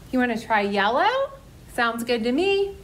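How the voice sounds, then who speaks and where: A woman's voice: on the high side, sing-song. A woman who is a children's librarian, leading a toddler story time in a coaxing sing-song style. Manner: slow, bright sing-song, coaxing little listeners.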